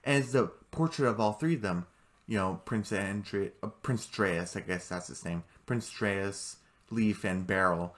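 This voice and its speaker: A man casually recapping a cartoon episode, rambling and excitable, with many fillers and restarts, jumping high when he quotes characters. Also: measured pace. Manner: jumps into high voices when quoting characters. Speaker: show recap commentator.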